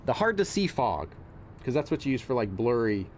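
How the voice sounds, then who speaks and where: A man's voice: medium pitch, very animated, a little fast, slight background noise. A man hosting a game playthrough, reading the on-screen text aloud, translating it and thinking aloud with many fillers and restarts. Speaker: let's play host and Korean learner.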